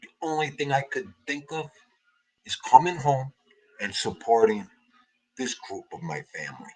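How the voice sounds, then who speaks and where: Livestream host, husky New man, middle-aged, grieving, warmly greeting his regulars. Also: medium pitch, big pitch swings, normal speed, poor audio. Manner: emotional, heartfelt, greets viewers by name. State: grieving, tearful. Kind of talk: casual livestream chat greeting viewers.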